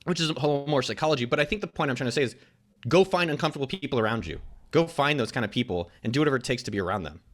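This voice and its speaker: A man's voice: mid-range voice, expressive, a bit bright. A man talking as a guest in a casual interview, blunt and swearing freely, acting out what others said to him. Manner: blunt, fast, swears freely, acts out quotes. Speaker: guest entrepreneur.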